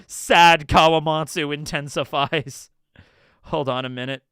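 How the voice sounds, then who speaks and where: A man's voice: on the high side, fairly even intonation, unhurried, fairly bright tone, clean tone, no room sound, studio quality. A man streaming live, rambling through casual commentary, swearing and laughing as he goes.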